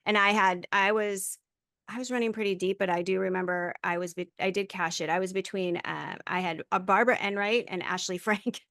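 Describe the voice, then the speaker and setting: A woman hosting a poker podcast, chatting in an encouraging, friendly way. Her voice has a gravelly, fry-tinged texture. The recording is dry and close, with no room sound. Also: mid-range voice, fairly even intonation, brisk, a bit bright, no room sound. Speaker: podcast host. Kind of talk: casual podcast interview.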